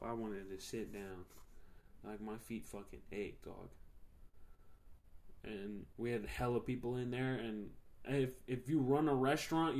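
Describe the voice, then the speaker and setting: A young man hosting a podcast, ranting heatedly and profanely about his job in a casual solo monologue. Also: medium pitch. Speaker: podcast host.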